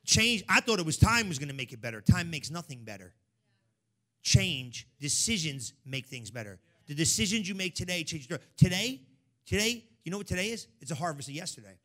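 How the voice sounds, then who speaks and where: A man preaching a sermon in a church, calling out to the congregation and swinging between hushed, intense stretches and loud, sing-song exhortation. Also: on the high side, sing-song, a little fast. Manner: call-and-response preaching, swings from hushed to shouting. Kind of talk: energetic sermon.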